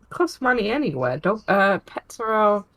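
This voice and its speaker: A woman's voice: medium pitch, very animated, moderate pace, a bit bright. A woman co-hosting a casual podcast, teasing her co-host and telling stories. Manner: teasing, storytelling. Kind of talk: casual chat.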